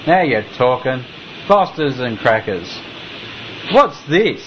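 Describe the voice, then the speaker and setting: An actor playing a washed-up, grumpy old Australian collector with an Australian accent, in a comedy radio play. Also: male voice, mid-range voice, sing-song, slow pace, slight background noise. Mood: grumbling. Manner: gruff and complaining. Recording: slightly muffled recording.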